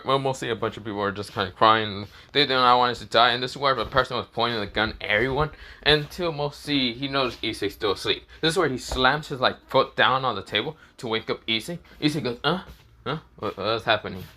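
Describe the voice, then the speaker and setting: A young man reads out a fan story in a loose, casual way, rambling with fillers and plenty of swearing. His voice is bright and edgy. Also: medium pitch. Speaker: fan fiction reader. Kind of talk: casual read-aloud fan story narration.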